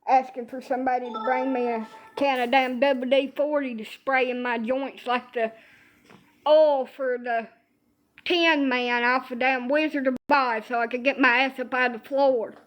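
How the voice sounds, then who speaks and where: A high-voiced social media streamer from Alabama in her late thirties rants comically into the camera, grumbling and cursing. Her complaints are loose, loud and exaggerated, told in a casual storytelling flow with a steady tone at a moderate pace.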